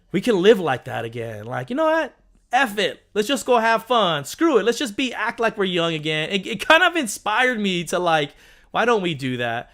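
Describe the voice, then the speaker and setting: A man, around his thirties, hosting a casual live stream and chatting excitedly with his viewers, rambling with lots of restarts. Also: sits high.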